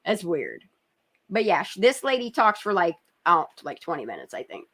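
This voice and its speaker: A woman's voice: on the low side, wildly swooping pitch, moderate pace, a crowd in the background. A woman hosting casual reaction commentary, blunt and sarcastic, swearing freely and laughing often. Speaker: commentary channel host.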